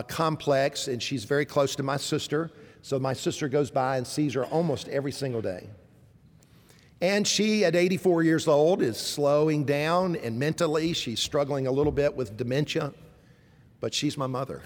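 A middle-aged man with a Southern American accent preaching a sermon, moving between emphatic exhortation and soft, tender asides. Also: fairly high pitch, long reverb tail. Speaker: pastor.

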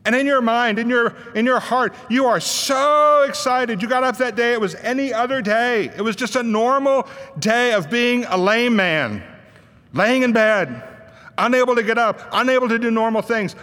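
A man's voice: very high-pitched, moderate pace, pushed and bright, long reverb tail. A man preaching a sermon, retelling a Bible story and acting out the voices of the people in it.

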